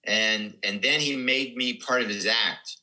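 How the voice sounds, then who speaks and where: A man's voice: mid-range voice, measured pace, pushed and bright, rough recording. A man in his seventies, a comedian guest telling rambling anecdotes in casual podcast talk. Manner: rambling anecdotes with quoted dialogue.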